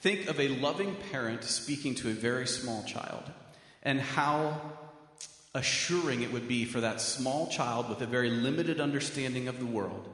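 A man's voice: medium pitch, moderate pace, a bit bright. A man preaching a sermon as pastor, earnest, stressing his questions with a rising voice. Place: church sanctuary with a mural. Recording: echoey hall.

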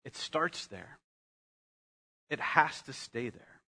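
A male pastor preaching a sermon, earnest, slowing down and dropping to a soft voice on key phrases, calling his listeners "guys". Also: medium pitch, lively intonation, vocal fry, husky. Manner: earnest, slows down and drops softly on key phrases; addresses congregation as "guys".

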